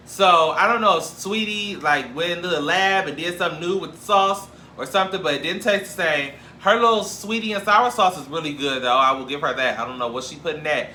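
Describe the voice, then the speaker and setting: A man's voice: medium pitch, slight background noise. A man hosting a casual gossip show, joking, swearing and acting out what people said. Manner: animated, jokey, profane, acts out quoted lines. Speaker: show host. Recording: echoey room with faint ambience.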